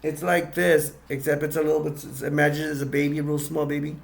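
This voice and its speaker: Gravelly man rambling through a plot. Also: a little high, flat delivery, fast. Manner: rambling, many ums and restarts. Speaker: movie reviewer. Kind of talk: casual plot retelling. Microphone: attached to a bag.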